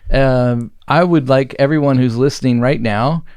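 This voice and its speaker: Smooth-voiced man hosting a podcast. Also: mid-range voice, normal speed, a little mellow, dry recording. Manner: upbeat, jokey, leads the conversation. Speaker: podcast host. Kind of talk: casual podcast chat.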